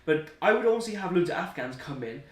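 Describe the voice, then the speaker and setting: Chatty young male guest, slightly high voice, rambling storyteller; roomy room, off-mic. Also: expressive, fairly quick, distant mic. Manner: rambling, chatty, often laughing at his own stories. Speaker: interview guest. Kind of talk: casual storytelling.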